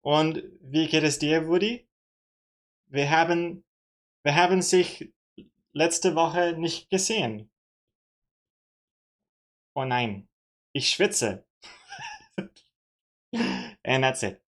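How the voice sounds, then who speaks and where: A woman's voice: deep voice, very slow, pauses often. A woman from Austria chatting casually on a live stream, playful and self-mocking, often laughing at herself.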